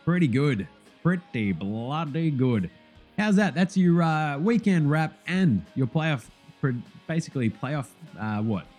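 A man's voice: on the high side, unhurried, faint music behind. A man hosting a casual basketball recap, sweary and jokey as he rattles off scores. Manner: sweary, animated, jokey banter. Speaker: basketball podcast host.

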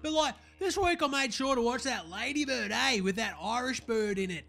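A man's voice: very high voice, expressive, normal speed, gravelly, sharp tone, faint music behind, voice pushed up, full character voice. A man voicing a brash, crude young Australian bogan who rambles in slang about films.

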